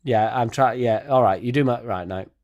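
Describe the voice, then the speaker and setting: A man's voice: mid-range voice, normal speed, a little mellow, dull audio. A young man hosting a casual fan livestream, laughing often, swearing freely and rambling as he reacts and thanks viewers. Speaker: fan channel host.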